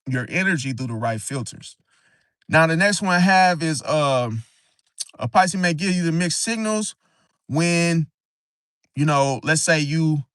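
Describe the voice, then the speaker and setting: Halting rambling man, dry close sound. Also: fairly high pitch, fairly bright tone, no echo. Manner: rambling, halting, frequent "see?" tag. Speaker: astrology channel host. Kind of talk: casual livestream talk.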